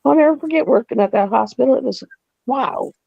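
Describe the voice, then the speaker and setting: A woman's voice: on the high side, expressive, brisk, vocal fry, dry recording, dull audio. A woman in her fifties hosting a live stream, telling stories in a chatty way with laughs and acted-out quotes. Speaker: host. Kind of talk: casual storytelling chat.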